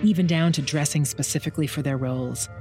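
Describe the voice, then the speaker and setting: A woman giving measured, scripted documentary narration. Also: sits low, warm tone, soft background music.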